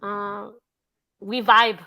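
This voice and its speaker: A woman's voice: mid-range voice, level tone, very slow, muffled recording. A woman hosting a casual true-crime livestream, chatting with a guest, reading out chat and swearing freely. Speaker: livestream host.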